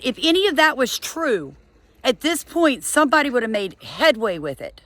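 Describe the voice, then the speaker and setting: A woman's voice: very animated, normal speed, a bit bright, no echo. A middle-aged woman, delivering an exasperated, emphatic scolding monologue to her viewers. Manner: scolding, exasperated, emphatic with sudden high bursts. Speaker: homesteading vlogger. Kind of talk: impassioned monologue to camera.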